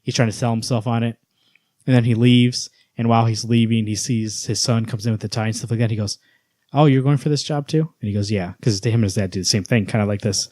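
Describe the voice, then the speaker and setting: A man with a fairly low voice in a casual podcast chat, recorded dry and close. He talks with enthusiasm and acts out quoted lines as he retells scenes. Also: little pitch movement, quick pace, a little mellow, no room sound. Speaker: podcast co-host. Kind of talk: casual comic book chat.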